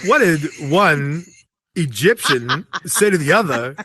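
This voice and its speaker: Emcee comic, man, slow drawl with a bright, lively voice. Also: fairly high pitch, husky, no echo. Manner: self-mocking, slow joke delivery. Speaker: stand-up comedian, emcee. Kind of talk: stand-up comedy. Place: virtual reality comedy club.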